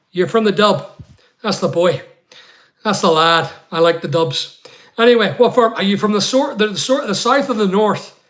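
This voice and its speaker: A man's voice: high voice, fairly bright tone. A Northern Irish man hosting a live chat for online sellers. He rambles casually and talks straight to viewers by name as he answers their questions. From Northern Ireland.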